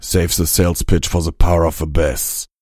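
A man's voice: sits low, level tone, normal speed, darkish tone, no echo. A man voicing a weary, defiant old male pony demigod who speaks in a dry manner.

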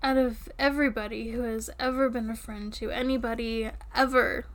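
Breathless, giggly high-voiced young woman. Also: steady tone, normal speed. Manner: giggly, breathless, often dropping to a soft whisper. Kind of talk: intimate audio role-play.

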